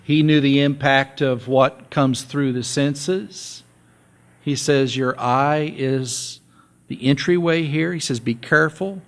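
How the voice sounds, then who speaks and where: A man's voice: mid-range voice, steady tone, slow. Conversational male pastor preaching. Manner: conversational, joking, repeats key points. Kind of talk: sermon. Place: church sanctuary.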